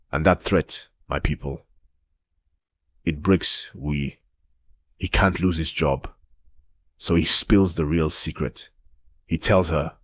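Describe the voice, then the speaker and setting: Very deep-voiced recap narrator. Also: male voice, a little slow, long pauses. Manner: dramatic, gossipy, addresses listeners as "my people".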